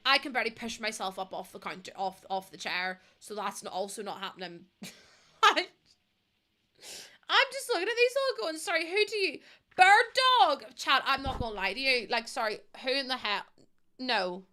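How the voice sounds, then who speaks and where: A woman's voice: a little high, lively intonation, brisk, bright, forceful tone. A British woman livestreaming, chatting casually with her viewers, laughing often and swearing freely. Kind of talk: casual stream chat.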